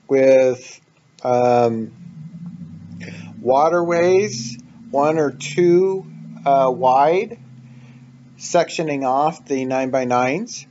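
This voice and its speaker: A man in casual gameplay commentary who talks slowly and rambles through his ideas with plenty of ums. His voice is mellow and soft-edged, on a slightly dull, lo-fi mic. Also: on the high side, a little hiss or hum. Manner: rambling, thinks aloud with many ums. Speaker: let's play host.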